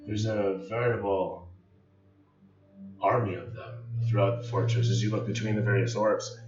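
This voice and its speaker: A man's voice: fairly low pitch, steady tone, moderate pace. A man running a tabletop game on a live stream as game master, describing scenes like camera shots, with many fillers. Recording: echoey, distant, dull sound with faint music.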